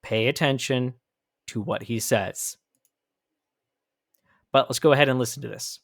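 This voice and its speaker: A man from the Pacific Northwest hosts a podcast and picks apart a clip. He talks in an animated, emphatic way, often restarting his sentences, at a mid-range pitch. The sound is close and dry. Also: unhurried, dry recording. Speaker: podcast host. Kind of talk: commentary on a played clip.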